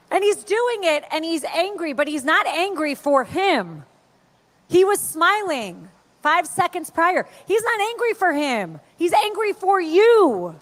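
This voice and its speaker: A woman telling animated stories to a crowd and acting out the voices of the people she quotes. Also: very high-pitched, a little slow. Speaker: speaker at an event. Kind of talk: storytelling speech to a crowd.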